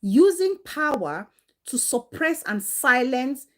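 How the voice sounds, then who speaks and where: A woman's voice: high voice, sing-song, slow pace, a bit bright. A woman hosting a livestream, greeting viewers and commenting indignantly. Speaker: livestream host.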